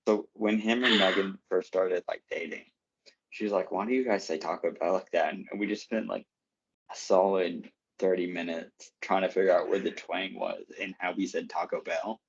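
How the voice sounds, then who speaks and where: Male podcast co-host, very deep, dull lo-fi sound. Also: normal speed, gravelly, husky. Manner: relaxed, curious questioner. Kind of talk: casual podcast chat.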